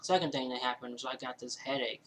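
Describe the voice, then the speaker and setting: Bright-voiced man rambling through a story. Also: medium pitch, fast talker, a little hiss or hum, low-quality recording. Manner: rambling, animated retelling with many fillers and quoted asides. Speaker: vlogger telling a personal story. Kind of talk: casual storytelling. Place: indoors at home.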